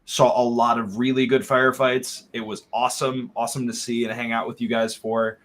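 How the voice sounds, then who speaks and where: A man chatting on a livestream, loud, swearing and laughing. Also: mid-range voice, little pitch movement, brisk. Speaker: event organizer. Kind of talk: casual livestream chat.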